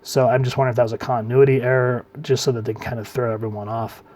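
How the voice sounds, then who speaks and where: Man, comic book reviewer, casual and relaxed, mid-pitched voice, quiet phrase endings. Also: racing.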